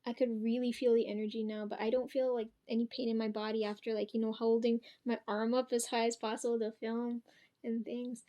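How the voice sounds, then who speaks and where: A young woman with a hoarse voice tells a rambling, profane personal story at home, with many ums and restarts. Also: a little high, flat delivery, brisk, warm tone. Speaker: vlogger.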